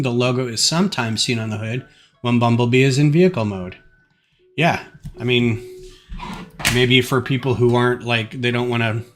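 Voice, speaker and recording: A man's voice: medium pitch, a bit bright. A man chatting casually at home while building a kit on a live stream, rambling with plenty of fillers. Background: faint music.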